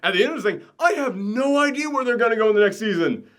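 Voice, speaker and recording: A man hosting a casual review chat, animated and ranting, swearing and laughing as he goes. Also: very high-pitched, quick pace. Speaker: podcast co-host reviewing a TV show.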